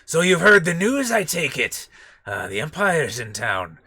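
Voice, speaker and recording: A man's voice: a little high, sing-song, measured pace, sharp tone, husky, no room sound, voice pushed up, heavily acted. A man voicing a sly, scheming male alien junk dealer with a slightly nasal, half-hearted put-on voice.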